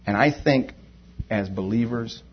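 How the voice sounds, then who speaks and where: A man's voice: lowish voice, a little slow, slightly rough. A man preaching a sermon, impassioned and building to fervent exhortation, then leading a prayer. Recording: dull lo-fi sermon recording.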